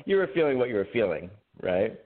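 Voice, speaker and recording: A man's voice: fairly low pitch, big pitch swings, a little fast. Guy rambling thru a funny story on a podcast, voice jumps all over, sounds like a phone line. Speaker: podcast co-host. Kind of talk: casual storytelling chat.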